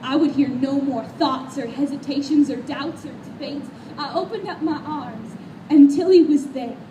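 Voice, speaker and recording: A woman's voice: sits high, normal speed. A woman reading a story aloud in an earnest, emotional way at a live event. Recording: echoey, distant, noisy live rally.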